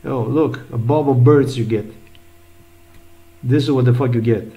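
Agitated rambling man, mid-pitched. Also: measured pace, dark tone, poor audio. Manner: agitated, rambling, swearing often. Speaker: vlogger. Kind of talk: rambling screen-recorded commentary.

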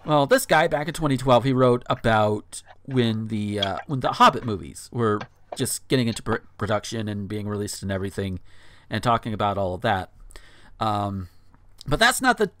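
A man's voice: on the low side, lively intonation, moderate pace, a bit bright. A man in his thirties hosting a podcast, chatting casually and breaking into incredulous, swearing outbursts. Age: 30s. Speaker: podcast host. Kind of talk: casual podcast chat with dramatic readings.

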